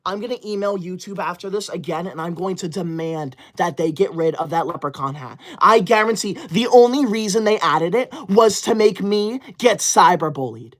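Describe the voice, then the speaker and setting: A man in his twenties playing a touchy, self-important young livestreamer who reads super chats in an indignant, whiny way and shouts at viewers. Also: high voice, normal speed, few pauses. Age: 20s. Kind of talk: parody livestream skit.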